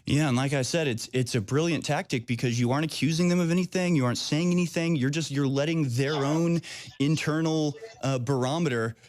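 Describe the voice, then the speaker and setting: A man hosting an interview show, talking casually and acting out other people's voices as he goes. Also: a little fast. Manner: animated, mimics people in high voices. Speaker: show host.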